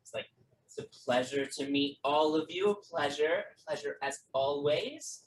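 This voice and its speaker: A game master voicing a smooth, glad-handing male politician who flatters everyone and fills his talk with ums and uhs. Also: mid-range voice, moderate pace, a little hiss or hum, lightly acted. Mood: schmoozing. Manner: effusive, flattering, full of fillers. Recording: roomy, from a distant mic.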